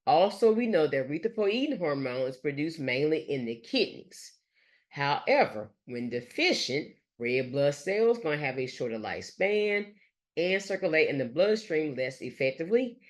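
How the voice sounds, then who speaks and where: A nurse educator giving a recorded lecture over slides, speaking haltingly and leaning on fillers and restarts. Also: mid-range voice. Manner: halting, with frequent fillers like "let's say" and "gonna".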